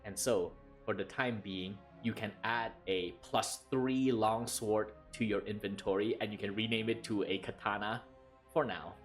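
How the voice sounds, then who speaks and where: Male game master, measured tabletop narration, soft music bed. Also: fairly low pitch, steady tone. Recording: faint background music.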